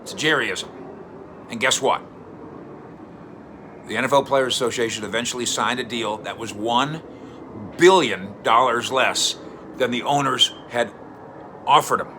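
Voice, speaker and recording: A man in his fifties, a sports columnist, telling a story in a chatty, animated way to camera. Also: medium pitch, a little slow, long pauses, a little hiss or hum. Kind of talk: casual commentary to camera.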